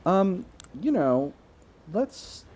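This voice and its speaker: Chill guy doing a strategy game let's play, mellow voice, lots of ups and downs in pitch. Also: drawn-out words, slight background noise. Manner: relaxed, thinking aloud. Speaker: gaming channel host.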